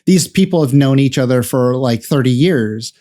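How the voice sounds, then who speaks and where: A man's voice: mid-range voice, normal speed, dark tone. A man hosting a casual podcast, rambling through his thoughts and laughing at his own jokes. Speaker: podcast host.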